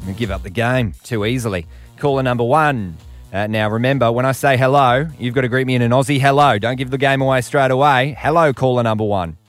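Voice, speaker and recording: A man hosting a radio show in a casual, joking way, with faint music behind him. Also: fairly low pitch. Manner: jokey, chatty, puts on voices. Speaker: radio host.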